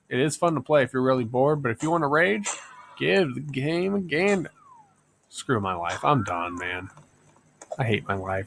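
A man giving gameplay commentary, excitable and swearing, yelling at enemies in mock rage. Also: medium pitch. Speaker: gaming YouTuber.

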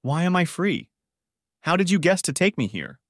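Man voicing a tearful young woman prisoner, pleading, raised pitch, dry sound. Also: sing-song, moderate pace, dry recording.

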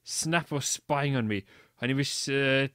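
A man's voice: medium pitch, a little slow, fairly bright tone, clear, resonant tone, dry recording, studio quality. A man reading a badly written story aloud for comedy, mocking it and stumbling over its misspellings. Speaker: reader.

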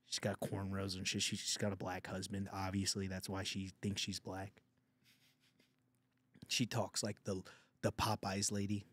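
A man's voice: sits low, completely flat delivery, unhurried, a bit bright, no echo. A man hosting a podcast, riffing in a crude, rambling, irreverent comedic monologue. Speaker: podcast host.

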